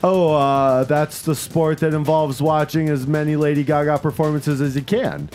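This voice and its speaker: A man's voice: fairly high pitch, little pitch movement, moderate pace, darkish tone, faint music behind. A man playing along in a casual quiz, making joke guesses and stalling with many fillers. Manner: jokey, hesitant with many fillers. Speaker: quiz contestant. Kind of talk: casual quiz game chat.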